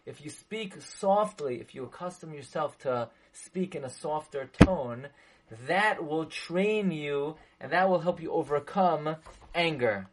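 A Torah teacher with an expressive, somewhat high voice lectures on a religious text at a measured pace; the recording is rough, with slight background noise. He presses his point emphatically and repeats it, asks rhetorical questions, and blends Hebrew and Yiddish terms into his English.

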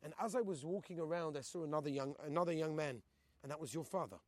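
A man's voice: fast talker, no echo. Impassioned male storyteller, dry close sound. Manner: builds to high, loud intensity, then drops to hushed, solemn tones; mixes Hebrew and Yiddish terms into English. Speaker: storyteller on a group heritage trip. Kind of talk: emotional religious storytelling. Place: on location at a memorial site.

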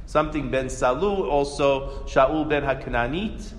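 A man's voice: medium pitch, a little slow, slight background noise. A man teaching a religious class, telling stories animatedly and asking rhetorical questions. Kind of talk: Torah class lecture. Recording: echoey hall reverb.

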